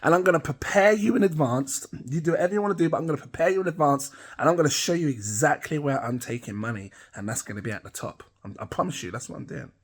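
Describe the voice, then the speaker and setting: A man's voice: a little high, expressive, fast, hardly any pauses, breathy edge. A middle-aged British man rambling casually to camera as a crypto channel host, chatty and self-amused. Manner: rambling, chatty, laughs at himself.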